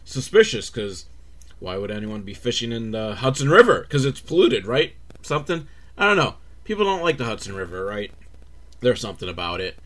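A man hosting a comedic movie recap, rambling and sarcastic, acting out characters in squeaky voices. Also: big pitch swings, a little fast, a bit bright.

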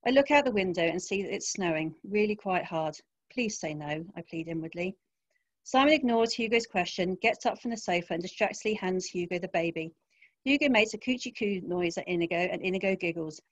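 A woman author reading her first-person crime story aloud in a wry, even narration over a video call. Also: lowish voice, a little fast, no echo. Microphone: home computer mic, video call.

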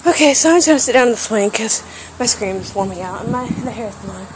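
A giddy young woman talks to her camera in a hyper, rambling solo vlog, her voice pitched high and leaping wildly up and down. She squeals and shrieks between thoughts. The home camera audio carries clear background noise. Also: animated, fast talker. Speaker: vlogger. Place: home kitchen, then outdoors in a yard.

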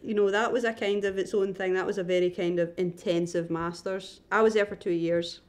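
A woman's voice: mid-range voice, steady tone, brisk. Young Scottish woman, podcast guest, chatty, laughs easily, acts out anecdotes. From Scotland. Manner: chatty storyteller, laughs often, acts out voices. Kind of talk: casual chat.

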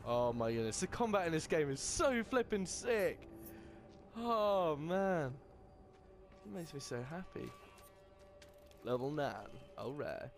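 Excitable young gamer guy. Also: a little high, slow pace, long pauses, soft background music. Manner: excitable, yells and laughs at the game, mild slang. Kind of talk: let's play commentary.

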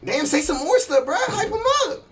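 A man's voice: extremely high pitch, very animated, moderate pace. A man streaming a game, chatting in slang and egging other players on over voice chat. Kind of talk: gaming voice chat. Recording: noisy game audio.

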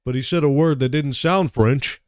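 A man's voice: medium pitch, moderate pace, clear, resonant tone, no room sound, clean studio sound. A man streaming a game, thinking aloud casually and exclaiming when things go wrong. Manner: animated, exclaims and swears. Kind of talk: casual gaming commentary.

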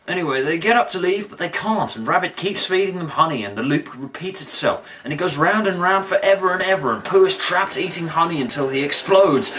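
A man's voice: a little high, animated, brisk, hardly any pauses, far from the mic, music in the background. A man giving a comic video review in a mock-dramatic way, breaking into exaggerated outbursts. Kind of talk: comic commentary.

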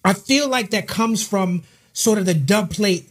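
A man's voice: high voice, unhurried, breathy edge. A man hosting an interview, asking enthusiastic questions and affirming often. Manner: warm-hearted, enthusiastic questioner who affirms a lot. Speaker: podcast host. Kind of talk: interview conversation.

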